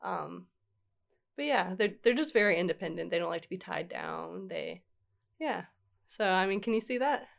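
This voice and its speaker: A woman's voice: on the low side, lively intonation, normal speed, creaky. A young woman, a guest in a casual podcast chat, talking in a rambling way with many fillers. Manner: chatty, lots of likes and ums, giggly.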